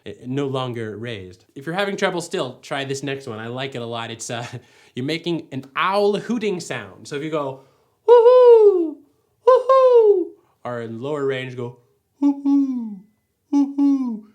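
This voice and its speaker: A man's voice: mid-range voice, expressive, normal speed, fairly bright tone. A man teaching singing technique in a casual, step-by-step way, now and then singing vowels to show the sound. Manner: friendly, explains step by step, breaks into sung vowel demos. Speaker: vocal coach. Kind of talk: casual singing lesson with sung demonstrations.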